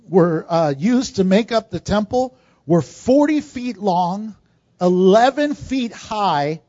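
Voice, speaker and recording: A man's voice: sits high, lively intonation, takes it slowly, a little mellow, no room sound, muffled recording. A man preaching a sermon, telling the story with animation and asking the audience questions. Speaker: pastor.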